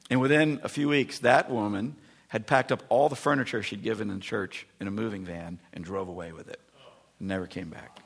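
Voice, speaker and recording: A male pastor delivers a sermon in a lively storytelling way, slipping into the voices of the people he describes. His voice is gravelly and a little husky. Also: on the low side, brisk. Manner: animated storytelling, acting out voices.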